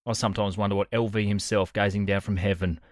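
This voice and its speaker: Talking fast in a fairly low, level voice, an Australian man co-hosts a podcast, telling a story full of sardonic humour and offhand swearing. It's comedic storytelling chat, recorded dry.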